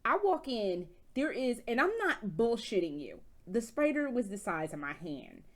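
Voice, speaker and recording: Animated, laughing woman game vlogger. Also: a little high, unhurried. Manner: animated, profane, laughing storyteller. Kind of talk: casual game review chat.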